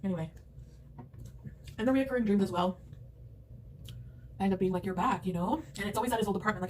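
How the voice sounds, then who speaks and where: A woman's voice: mid-range voice, racing, pauses often, darkish tone. A woman rambling and laughing through casual chat as she eats a big meal at home. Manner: rambling, chatty, laughs often. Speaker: mukbang eater. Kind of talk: casual chat while eating. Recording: distant mic with background noise.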